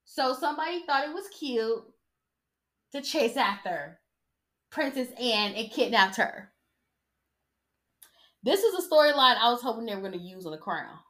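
A woman's voice: a little high, lively intonation, moderate pace, pauses often, a bit bright. A woman hosting a podcast in a casual, sassy style, chatting and mocking as she reads an article aloud. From United States. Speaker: podcast host.

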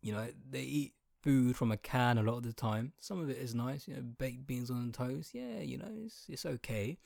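A man's voice: mid-range voice, moderate pace, vocal fry, darkish tone, no echo. Swearing, ranting man with a dry close sound. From outside Britain. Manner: exaggerated, swearing, talks straight to the listener. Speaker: comedic commentator. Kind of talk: profane comedic rant.

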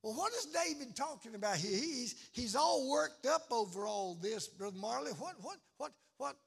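Preacher man, real high gravelly voice, slow and hollering, big echoey church. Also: animated. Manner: impassioned, shouting and chanting phrases, slow drawn-out delivery. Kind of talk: sermon. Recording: echoey hall.

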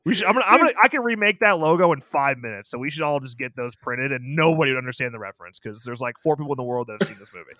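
A man's voice: mid-range voice, animated, racing, few pauses, pushed and bright, no echo, clean studio sound. A young man co-hosting a casual film review podcast, laid-back and joking, swearing freely. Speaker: podcast co-host.

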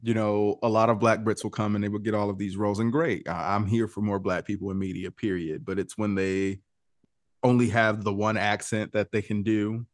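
Deep-ish guy dishing celeb gossip on a podcast, lively and chatty, dry close mic. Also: dry recording. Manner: animated, gossipy, quick asides and laughter. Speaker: podcast co-host. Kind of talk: casual pop culture chat.

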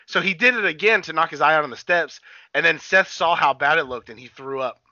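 This wrestling podcast co-host talks fast and loose, swearing, wandering off topic and replaying scenes out loud. He has a sharp, higher-leaning voice at a fairly quick pace, captured with no room sound in a dull, dry lo-fi recording.

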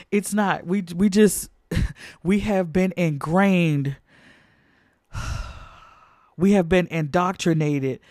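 A man's voice: a little high, a little mellow, dry recording, clean studio sound. A man preaching a sermon, fervent and emphatic, repeating phrases for stress.

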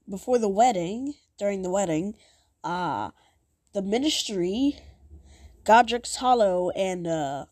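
A woman's voice: fairly low pitch, darkish tone, no echo, studio quality. A woman hosting a podcast in a casual, self-mocking, rambling way. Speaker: podcast host.

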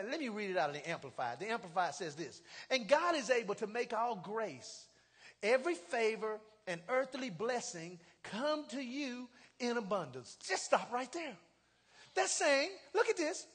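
A man pastor preaching a sermon in a church, leading call-and-response and rising to shouts. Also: high voice, husky. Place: church sanctuary. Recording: long hall reverb.

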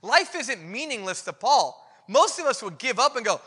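Preacher guy, pretty high voice, chatty self-deprecating sermon, lots of hall echo. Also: moderate pace, hardly any pauses, breathy edge. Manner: candid, self-deprecating, animated storytelling. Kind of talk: conversational sermon. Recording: long reverb of a hall.

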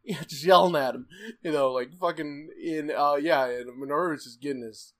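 A man in casual chat, rambling excitedly with frequent laughs and fillers. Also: fairly high pitch, normal speed.

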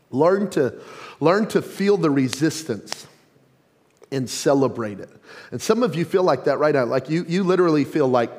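A male pastor preaching a sermon with growing passion, sometimes building to a yell, with joking self-deprecating asides. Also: fairly high pitch.

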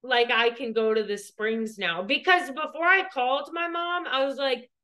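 A woman's voice: sits high, normal speed, sharp tone. A woman co-hosting a podcast, telling a personal story in a rambling, profane way, full of "like". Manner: profane, rambling, heavy use of "like". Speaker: podcast co-host.

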